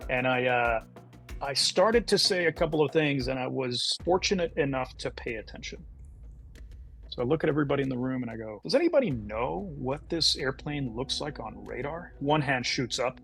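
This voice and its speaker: A man's voice: medium pitch, expressive, moderate pace, creaky, a bit bright, soft background music. A middle-aged man, a podcast guest, telling a story in conversation and acting out the voices of the people in it.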